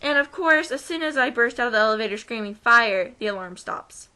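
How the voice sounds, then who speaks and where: A woman's voice: fairly high pitch, quick pace, smooth. A young American woman vlogging, telling a story casually and acting out the voices of the people in it. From United States. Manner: animated, acts out quoted voices.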